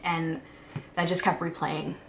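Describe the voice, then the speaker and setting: A young woman vlogger telling a personal story in a halting, emotional way, with many fillers. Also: sits low, little pitch movement, gravelly, a little hiss or hum.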